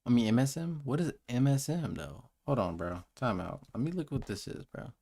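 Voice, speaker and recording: A man's voice: mid-range voice, animated, normal speed, creaky, dark tone. A man reacting on a live stream, joking and talking to his chat in casual slang. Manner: joking, talks to chat with "bro".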